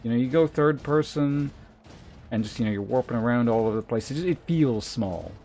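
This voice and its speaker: A man's voice: mid-range voice, a little fast, slight background noise. Young male streamer musing while playing. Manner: relaxed, musing, with fillers. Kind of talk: casual let's-play commentary. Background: faint game music.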